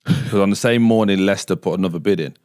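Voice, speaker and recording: A man and former footballer telling a story in a casual podcast chat, swearing freely and dropping to a hush when he quotes others. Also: deep voice, fast, clean tone, no echo, studio quality. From England. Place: basement studio.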